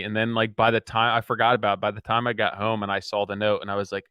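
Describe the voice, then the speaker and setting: A man co-hosting a podcast, chatting casually with joking deadpan asides. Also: lowish voice, fast talker, few pauses, clean tone, no echo, clean studio sound. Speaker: podcast co-host.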